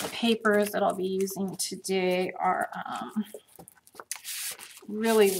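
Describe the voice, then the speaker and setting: Slow, chatty woman demonstrating crafts. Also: medium pitch, creaky, noisy background. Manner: chatty, thinking aloud while working.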